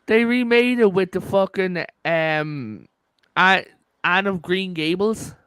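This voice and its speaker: A man's voice: sits high, slow, fairly bright tone, smooth, no echo. A man hosting a casual live podcast, telling rambling stories with some swearing. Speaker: podcast host. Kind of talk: casual chat.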